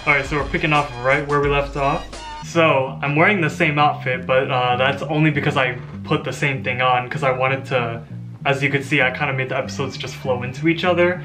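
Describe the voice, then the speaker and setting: A man's voice: medium pitch, steady tone, fairly quick, music in the background. A young man casually reacting to his own old video, amused, rambling and often laughing. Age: young adult.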